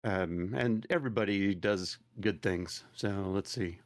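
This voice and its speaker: Man podcast co-host, lowish voice, halting delivery with frequent filler pauses. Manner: hesitant, full of uh pauses and restarts. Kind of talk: casual chat.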